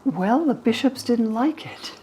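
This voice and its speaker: Her voice on the high side and a little slow, an American woman in her eighties who studies the history of religion recounts stories animatedly in a documentary interview and performs the quotes. The recording is rough, with slight background noise.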